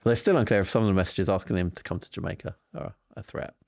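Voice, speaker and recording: A man hosting a comedic news quiz podcast, joking in deadpan asides. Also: sits low, fast talker, vocal fry, dry recording, clean studio sound. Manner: jokey, deadpan asides, frequent laughter. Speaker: quiz host.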